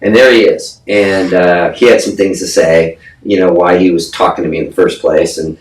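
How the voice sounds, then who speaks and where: A man's voice: deep voice, steady tone, moderate pace. A man guest on a podcast, telling a story in a blunt, profane, casual way and acting out the voices of people he quotes. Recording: echoey room, distant mic, faint noise.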